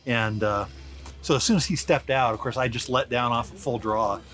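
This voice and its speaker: A man in casual conversation, telling a story in steady, detailed fashion. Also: medium pitch, moderate pace, soft background music. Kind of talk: casual hunting chat.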